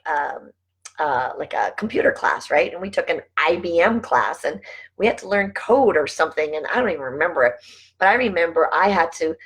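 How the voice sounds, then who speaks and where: A middle-aged woman, a vlogger and network marketing team leader, talks casually to camera, chatty and rambling, laughing often as she drifts into asides. Her voice is on the low side and slightly rough, and the audio quality is poor.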